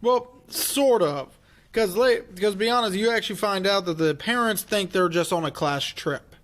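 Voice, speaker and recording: A man's voice: sits high, normal speed, a bit bright. A man co-hosting a film review show, explaining the plot in a casual, rambling way. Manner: explanatory, recapping plot with fillers. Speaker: film review podcast co-host. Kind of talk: casual movie discussion.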